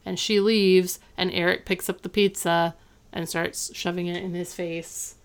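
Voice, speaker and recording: Smooth-voiced woman casually recapping. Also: on the low side, little pitch movement, measured pace. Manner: chatty, frequent "like" fillers. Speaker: podcast co-host.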